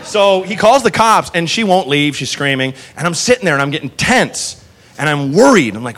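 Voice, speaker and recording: A man doing stand-up, telling a long story with swearing and quick acted-out voices for the people in it. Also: on the high side. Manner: animated, swearing, acts out characters in quick voices. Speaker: stand-up comedian. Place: comedy club stage. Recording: live room with faint crowd and noise.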